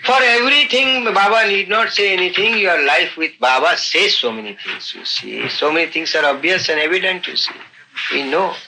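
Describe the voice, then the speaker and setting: An older man recounting events in an unscripted interview, earnest and halting, often saying "you see". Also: sits high, lively intonation, gravelly, sharp tone, slight background noise, low-quality recording. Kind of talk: unscripted storytelling.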